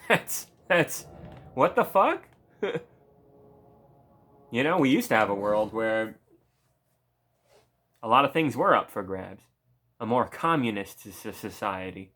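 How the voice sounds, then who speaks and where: A man's voice: on the low side, very animated, slow, pauses often, fairly bright tone. A man casually commenting over gameplay, rambling and swearing and laughing at his own jokes. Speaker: gameplay streamer.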